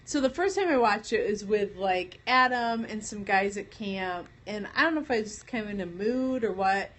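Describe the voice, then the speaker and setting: A woman's voice: mid-range voice, lively intonation, normal speed, a bit bright. A woman with a Michigan accent, hosting a casual live stream and telling a rambling story with frequent laughs. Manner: rambling, chatty, laughs often.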